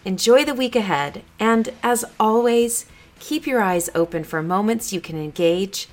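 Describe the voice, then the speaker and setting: A middle-aged woman hosts a motivational affirmation podcast in a voice of ordinary pitch for a woman. She sounds upbeat and encouraging, and she slows down and stretches words out for emphasis. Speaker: podcast host.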